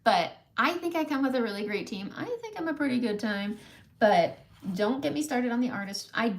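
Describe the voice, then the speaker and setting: A woman makeup vlogger talking casually and warmly to her viewers, emotional and close to tears at times, often laughing. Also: fairly high pitch, expressive, brisk. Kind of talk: casual heartfelt talk to camera.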